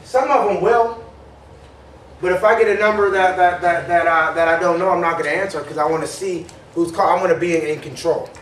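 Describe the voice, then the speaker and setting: A man's voice: sits high, fairly even intonation, a little fast, fairly bright tone. A man running a sales workshop, talking energetically to a group, often repeating words as he starts a thought. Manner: acts out phone calls in a raised voice. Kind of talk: live training talk to a group. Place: workshop room. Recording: echoey room from far off, faint noise.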